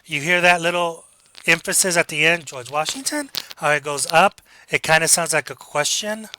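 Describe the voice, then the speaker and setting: A man's voice: on the high side, fairly even intonation, moderate pace, bright, forceful tone, smooth. A man teaching a speech class in a direct, coaching manner, with rhetorical questions. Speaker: college speech instructor. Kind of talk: recorded class lecture.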